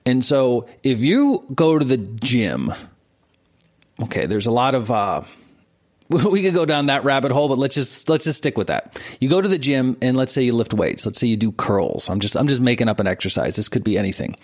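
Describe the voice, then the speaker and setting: A man in his forties, a guest on an interview show, teaching with lively examples and frequent laughter. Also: medium pitch, moderate pace. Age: 40s. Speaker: martial arts and meditation teacher, guest. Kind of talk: explanatory interview talk.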